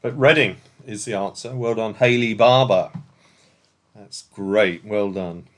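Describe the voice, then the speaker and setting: A man's voice: on the low side, a little slow, a bit bright. An English man hosting an online quiz night over a video call, reading questions and bantering playfully with players. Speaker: quizmaster.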